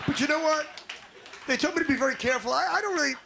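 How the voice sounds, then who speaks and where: A brash stand-up comedian in his forties, from New York, rants at a club crowd in a high, gravelly voice. The live recording carries clear audience noise behind him. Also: racing. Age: 40s. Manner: brash, crowd-baiting, ranting.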